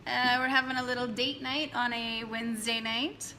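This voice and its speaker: Chatty female business coach, bright and fairly high, loose live-stream delivery. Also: fairly even intonation, normal speed, a little hiss or hum. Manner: chatty, greets viewers by name, loose restarts. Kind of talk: casual live-stream chat to followers. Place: dim room at night.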